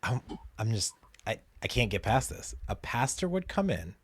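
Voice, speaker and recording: A man hosts a podcast interview, asking searching questions and often restarting his sentences as he thinks aloud. His voice sits very low, recorded dry and close to the mic. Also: very animated, moderate pace, creaky, breathy edge, dry recording. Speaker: podcast host. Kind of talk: conversational interview.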